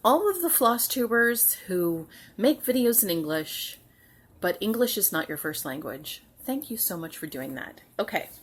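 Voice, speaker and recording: A woman hosting a home cross-stitch video, chatting casually and sounding tired, with soft asides that trail off. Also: mid-range voice, big pitch swings, a little slow, breathy edge. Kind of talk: casual chat to camera.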